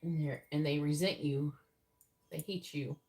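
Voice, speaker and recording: A woman giving a live tarot reading in casual chat. She talks bluntly and swears freely, laughs often, and mutters her card draws in a low, quick undertone. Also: fairly even intonation, darkish tone, faint music behind. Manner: blunt and profane, with frequent laughter. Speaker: psychic tarot reader.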